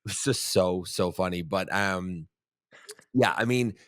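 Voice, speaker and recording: A man from Ireland in his thirties, hosting a podcast and telling animated dating stories in casual chat, swearing freely. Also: sits low, slow pace, dry recording, studio quality. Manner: animated storytelling, swearing, frequent "like". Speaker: podcast host.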